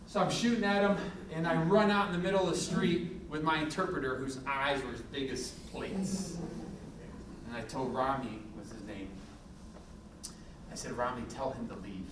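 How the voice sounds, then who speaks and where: A middle-aged man, a police chief, giving a candid, animated talk full of anecdotes in a university event hall. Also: a little high, normal speed, background noise. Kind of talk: public talk with war stories. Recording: echoey hall from a distant mic.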